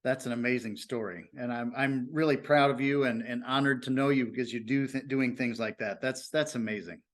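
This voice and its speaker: A man's voice: medium pitch, fairly even intonation, fairly quick. A middle-aged man hosting a podcast, earnestly summing up the interview and repeating key phrases. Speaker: podcast host. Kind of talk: wrapping up an interview.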